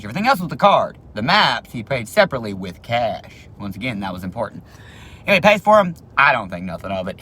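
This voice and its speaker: A man telling a personal story to camera in a casual, animated way, swearing freely and acting out what people said. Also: mid-range voice, slight background noise. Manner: animated, swears casually, acts out quoted speech.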